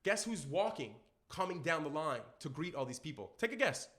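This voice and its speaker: A young man from Brooklyn tells stories on a podcast. His voice is bright and pitched a little high. He gets excited and acts out everyone in the story. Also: normal speed. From Brooklyn, New York. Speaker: podcast guest, children's entertainer. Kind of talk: animated storytelling in casual chat.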